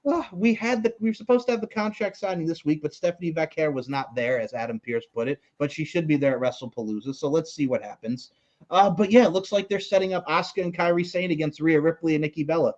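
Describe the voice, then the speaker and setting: A man's voice: on the high side, fast talker, a little mellow. A man hosting a casual wrestling podcast, ranting in a profane, fired-up way and acting out quotes. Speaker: podcast host. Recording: dull lo-fi podcast audio.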